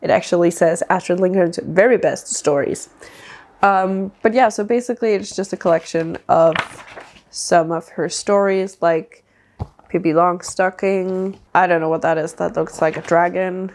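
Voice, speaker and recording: A woman's voice: lowish voice, normal speed, darkish tone. A Danish woman, a native Danish speaker, chatting casually in English about her new books, rambling with lots of "like" fillers. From Denmark. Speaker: book vlogger. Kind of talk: casual book haul chat.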